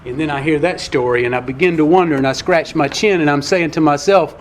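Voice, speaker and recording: A man's voice: fairly high pitch, fast talker, few pauses, a little hiss or hum. A man giving a personal share at a recovery meeting in a folksy, conversational storytelling way.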